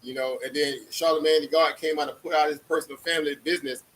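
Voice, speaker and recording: A man's voice: on the high side, steady tone, quick pace, fairly bright tone, poor audio. A man hosting a livestream in casual chat, laid-back and slangy, laughing often. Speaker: livestream host.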